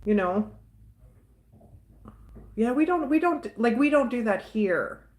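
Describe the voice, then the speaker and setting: A woman from the Southern United States, with a Southern US accent, hosts a livestream and answers her chat casually. Her voice is slightly high and darkish, animated, and slow. She's outspoken and rambling, often repeating herself.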